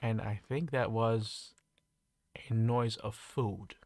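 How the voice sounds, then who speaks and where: A man's voice: on the low side, fairly even intonation, slow, darkish tone, no echo. Man narrating as game master, dry sound. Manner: describes scenes with frequent restarts.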